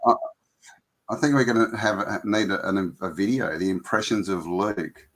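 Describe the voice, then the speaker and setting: A man's voice: on the low side, moderate pace, a bit bright. A man from Australia hosting a live-stream chat over a video call, joking, teasing his guest and laughing often. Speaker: host.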